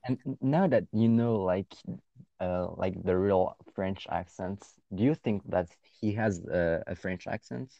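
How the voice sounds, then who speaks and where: A man in casual chat, speaking hesitantly with many pauses and restarts. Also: low voice, creaky, warm tone, dry recording, dull audio.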